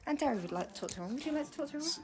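Woman, dance teacher, casual live-stream chat, outdoors, fairly high pitch. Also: lively intonation, rapid-fire, a little mellow, slight background noise. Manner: chatty, laughs often.

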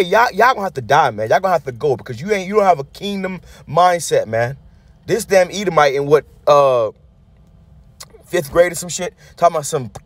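Recorded dry, a man with a slightly high voice preaches angrily about a news clip. He is a street preacher whose sermon-style commentary is heated, blunt and profane, marked by many restarts and a repeated tag word.

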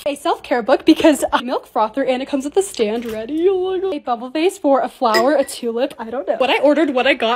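Bubbly, high, fast-talking young woman. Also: animated, crowd noise. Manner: bubbly, gushing over cute things. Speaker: content creator. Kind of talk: voice-over vlog narration.

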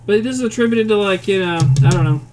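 A woman's voice: medium pitch, fast talker, heavy background noise. A woman with a Northern Plains Midwestern accent chatting bluntly on a cooking stream, swearing freely and answering her chat as she cooks in a home kitchen. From Upper Midwest, United States. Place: home kitchen with food frying. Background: faint sizzling and frying.

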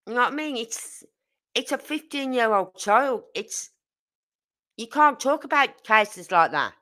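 A woman's voice: on the high side, expressive, measured pace, pauses often, pushed and bright. A woman hosting a true crime livestream, rambling and indignant as she reads out viewer comments. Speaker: true crime channel host. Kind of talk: casual livestream chat.

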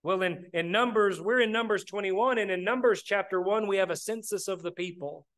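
A man's voice: sits high, fairly quick, fairly bright tone. A man preaching a sermon, plainspoken, often calling his listeners "brethren". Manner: plainspoken, addresses the congregation as brethren.

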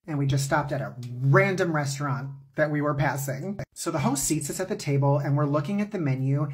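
A man's voice: a little high, fast talker, few pauses, breathy edge. A man in his thirties telling a story in a sassy, profane, theatrical way. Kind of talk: casual storytime vlog.

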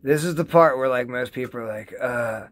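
Excitable rambling man demoing at home. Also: mid-range voice, normal speed. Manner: excitable, rambling, repeats himself. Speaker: home rosin-press vlogger. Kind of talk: casual how-to demo. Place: home basement.

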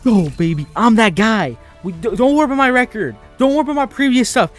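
A man's voice: very high voice, animated, quick pace, soft background music. A young man giving casual gameplay commentary in a boastful, playful, hyped-up way, repeating himself for fun. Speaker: gaming YouTuber.

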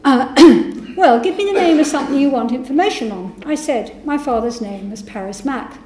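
This woman's high-pitched, animated, warm voice fills an echoey lecture hall, with slight background noise. Speaking at a moderate pace in a public university lecture, she reads testimonies aloud and takes on the voices of those quoted.

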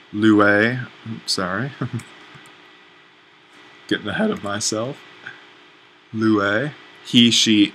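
A man's voice: on the low side, a bit bright, slight background noise, poor audio. A man teaching a language lesson at a whiteboard, explaining patiently and correcting himself as he writes. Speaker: Greek instructor.

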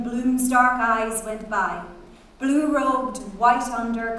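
Here a stage reader delivers a rhythmic, dramatic literary piece, toying musically with its sounds. She speaks slowly in a slightly high, somewhat bright voice, picked up by a distant mic in a very echoey hall with a little hiss or hum.

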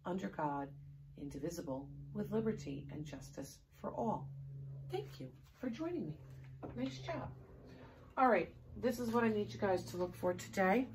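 A woman teaching a recorded remote lesson to young children, animated and sing-song as she coaxes them along. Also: lowish voice, a little hiss or hum. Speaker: kindergarten teacher.

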